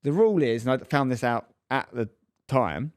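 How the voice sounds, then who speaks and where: A man's voice: medium pitch, normal speed, no echo, clean studio sound. A man co-hosting a casual podcast chat, telling a story and acting out the people in it. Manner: animated storyteller acting out quotes. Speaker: podcast co-host, dad.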